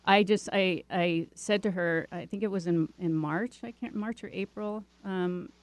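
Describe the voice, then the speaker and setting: A woman's voice: fairly low pitch, measured pace. A woman telling a personal story as an interview guest, chatty, with many fillers and restarts. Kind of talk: casual storytelling.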